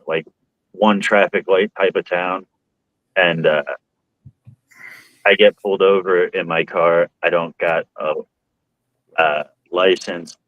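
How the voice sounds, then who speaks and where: A young man telling stories in casual chat, profane and animated, acting out what people said. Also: deep voice, no room sound, phone-quality sound.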